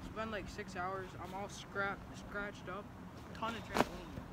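A high-pitched young guy hosts a casual trampoline challenge vlog outdoors, upbeat and playful as he talks to his viewers. He sounds tired and a little winded, and loud outdoor noise sits under the whole handheld camera recording. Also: steady tone, moderate pace. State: tired, out of breath. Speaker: vlogger.

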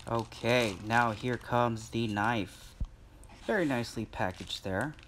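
A man's voice: medium pitch, slow, a bit bright, a little hiss or hum. A man in a casual vlog, chatting to his viewers with lots of fillers while he unboxes something at home. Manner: chatty, filler-heavy, addresses viewers directly. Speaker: vlogger.

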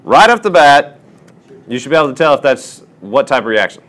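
A man with a medium-pitched voice speaks fairly quickly as he tutors a chemistry class in a classroom. He works through problems and quizzes the students along the way, sounding lively and inquisitive like a teacher.

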